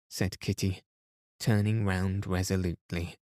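A man narrating a classic novel as a calm, soothing bedtime reading for a sleep podcast. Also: fairly low pitch, dry recording, clean studio sound. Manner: slow, soothing, even reading.

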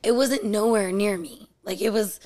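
A woman's voice: medium pitch, normal speed, mellow. Rambling woman in casual chat. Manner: rambling, heavy use of "like". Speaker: podcast co-host.

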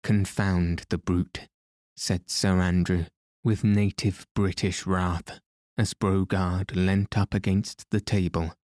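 A man reading a classic novel aloud in measured, even storytelling narration, close to the mic. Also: sits low, no room sound. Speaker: audiobook narrator. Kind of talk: scripted narration.

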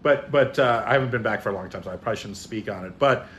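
A man's voice: lowish voice, very fast, fairly bright tone, slight background noise. A middle-aged man from Illinois in casual chat, reflective and rambling with many restarts.

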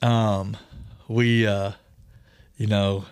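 A man's voice: on the low side, flat delivery, extremely slow, clean tone. A man in his forties, a podcast guest, telling his story in a casual, rambling way and often laughing mid-story, recorded in a studio.

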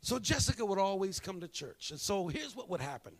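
Man, pastor, sermon, high voice, storytelling, hushed then emphatic. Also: sing-song, fairly quick. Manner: storytelling preacher, swings between hushed and emphatic.

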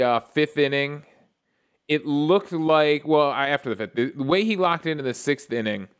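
Smooth-voiced man recapping a ballgame. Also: mid-range voice. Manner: excited play-by-play storytelling with frequent restarts. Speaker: podcast host. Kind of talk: casual solo game recap.

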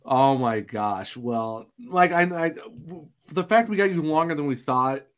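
A man's voice: medium pitch, animated, a little slow. Gushing young-sounding podcast co-host man. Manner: enthusiastic, gushing, says 'oh my gosh'. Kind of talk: casual chat.

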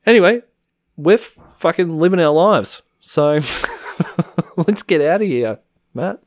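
A man's voice: on the high side, lively intonation, slow, no echo, clean studio sound. A man co-hosting a casual podcast, laughing often, swearing freely and acting out quoted lines in playful voices. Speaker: podcast co-host. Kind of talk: casual wrestling podcast chat.

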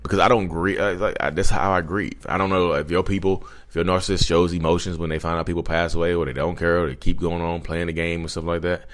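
Man, 30s, very low voice, casual storytelling vlogger, conversational and chatty. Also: fairly even intonation, quick pace, hardly any pauses, fairly bright tone. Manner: loose and conversational, full of 'you know what I mean' and acted-out quotes. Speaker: vlogger talking about his own personality disorder.

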